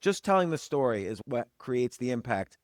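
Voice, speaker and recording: A man's voice: mid-range voice, very animated, moderate pace, dry recording, clean studio sound. A man hosting an interview, asking questions and giving thoughtful comments while searching for words. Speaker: podcast host.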